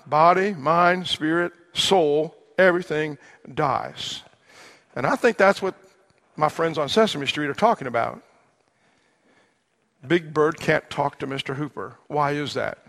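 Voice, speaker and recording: A man preaching a sermon, earnest and slowing down to stress his key words. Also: a little high, vocal fry, a bit bright. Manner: earnest, slows down for emphasis. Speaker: pastor.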